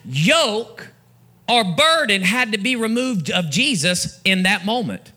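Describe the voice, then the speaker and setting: A man preaching a fervent sermon in a church, building to shouts and breaking into tongues. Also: high voice, big pitch swings, slow. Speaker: pastor. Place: church sanctuary.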